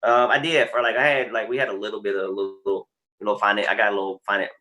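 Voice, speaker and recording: A man's voice: fairly low pitch, little pitch movement, fast talker, pushed and bright. A man from Texas, a guest on a podcast, telling stories casually and animatedly, acting out other people's lines and swearing freely. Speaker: guest, creator of the wobble dance and wrestler.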